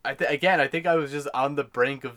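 A man's voice: a little high, fast talker, a bit bright. A man co-hosting a podcast, casually reading out his film notes and laughing often. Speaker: podcast co-host.

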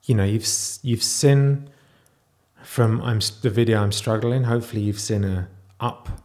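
A man with a somewhat low voice talks straight to camera in a raw video diary. He sounds close to tears. He stumbles, restarts and trails off into quieter stretches as he talks. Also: steady tone, normal speed. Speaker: vlogger.

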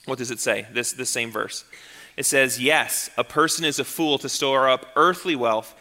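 Bright-voiced preacher in a reverberant hall. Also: male voice, moderate pace. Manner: emphatic preaching, drops to soft low tones for quotes. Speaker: pastor. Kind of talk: sermon. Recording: long reverb of a large hall.

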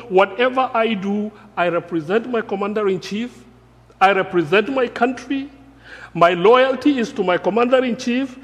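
A man's voice: high-pitched, long reverb tail. A man from Africa preaching a sermon, earnest and emphatic, repeating key phrases. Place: church.

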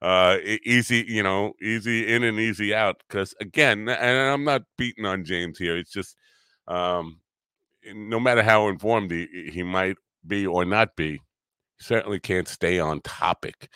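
A man's voice: fairly low pitch, measured pace, bright, forceful tone, clear, resonant tone, no echo. A man hosting a podcast, talking casually and at length, self-deprecating and full of fillers. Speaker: podcast host.

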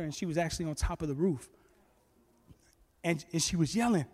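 A man preaching a sermon, telling stories in an animated way with bursts of shouting. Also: fairly high pitch, a little fast, long pauses, breathy edge. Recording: long reverb with faint music.

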